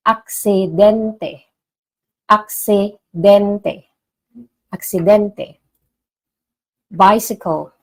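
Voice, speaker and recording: A woman teaching vocabulary in a casual online lesson, repeating each word clearly for learners. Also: mid-range voice, poor audio. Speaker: language teacher.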